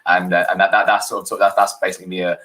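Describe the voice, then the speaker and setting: A man with a very low voice talks casually about his writing projects. He rambles and halts, restarting his phrases often. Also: flat delivery, sharp tone. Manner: rambling, halting, many restarts. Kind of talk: casual chat.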